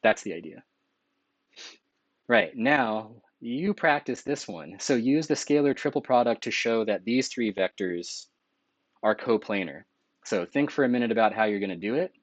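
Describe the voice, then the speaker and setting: A man giving a recorded math lecture, relaxed and conversational, correcting himself now and then as he works through the steps. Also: medium pitch, moderate pace, dry recording.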